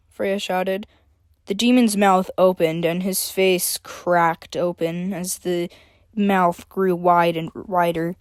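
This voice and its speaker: A woman reads her own story aloud, with a chatty, filler-laced introduction before she settles into plain narration. Her voice sits a little low. The sound is dry and close. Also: steady tone, slow pace, no room sound.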